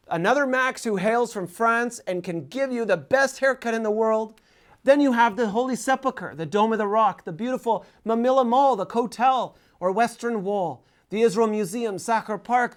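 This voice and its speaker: A man hosting a scripted travel talk, listing places in a lively, humorous way. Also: sits high. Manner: lively, humorous list-making. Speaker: host.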